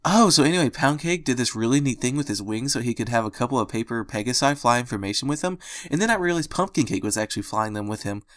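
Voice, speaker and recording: A hyper, bubbly pink pony girl squeals and gushes in a high, excitable voice, as a man reads her part. The sound is close and dry, with no room behind it. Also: fast, few pauses, dry recording, close to an everyday voice. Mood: excited.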